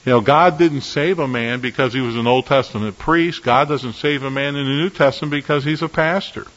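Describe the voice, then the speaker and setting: A man's voice: mid-range voice, a bit bright. Male pastor, earnest emphatic sermon delivery, long hall reverb, slightly muffled sound. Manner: earnest, emphatic preaching with measured pauses.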